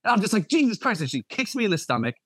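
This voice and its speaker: A young man, a nurse and podcast co-host, telling a profane, animated story in casual talk. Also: high voice, rapid-fire, slightly rough, no echo. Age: young adult.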